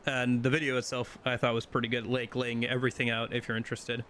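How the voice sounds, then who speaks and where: A man's voice: mid-range voice, level tone, fast, a bit bright, a little hiss or hum. A man streaming a video game, chatting casually and rambling with lots of fillers and restarts. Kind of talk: casual gameplay chat.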